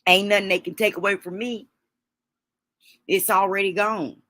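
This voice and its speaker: A woman hosting a livestream, talking haltingly through grief with many pauses and restarts, sniffling as she holds back tears. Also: medium pitch, steady tone, sharp tone. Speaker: livestream host. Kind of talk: emotional livestream talk.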